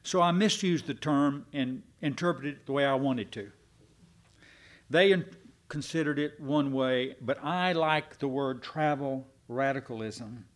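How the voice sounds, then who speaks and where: A man's voice: mid-range voice, measured pace. A man preaching a sermon, folksy and self-deprecating with his congregation. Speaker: pastor.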